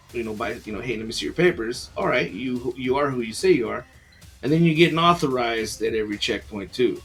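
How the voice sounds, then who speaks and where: Man, husky voice, rambling casual explainer, faint music behind. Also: mid-range voice, a bit bright. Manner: rambling, many fillers and restarts, self-deprecating. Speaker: book reviewer.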